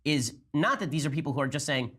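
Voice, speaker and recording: A man's voice: on the high side, animated, fast, a bit bright. A man giving combative political commentary on a clip, arguing hard and tagging points with "okay?". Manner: combative, argumentative, repeats "okay?" for emphasis.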